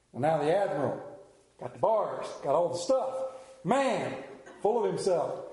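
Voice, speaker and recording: Animated high-voiced man preaching in an echoey hall. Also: moderate pace. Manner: animated storyteller, acts out voices. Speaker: pastor. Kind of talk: sermon. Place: church hall with congregation. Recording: roomy echoing hall.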